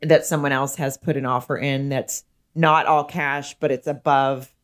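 A woman's voice: a bass voice, steady tone, normal speed. A woman comedian co-hosting a podcast, chatting casually in a blunt, profane, chatty way. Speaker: podcast co-host. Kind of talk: casual chat.

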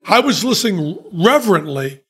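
A man hosting a casual podcast, animated and quick to jump in and interrupt his guest. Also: high voice, husky. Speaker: podcast host.

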